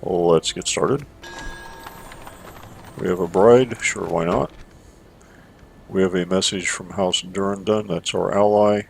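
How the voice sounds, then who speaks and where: A man giving measured strategy gameplay commentary into a desk microphone, thinking aloud with fillers as he plays. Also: deep voice, steady tone, vocal fry, slight background noise.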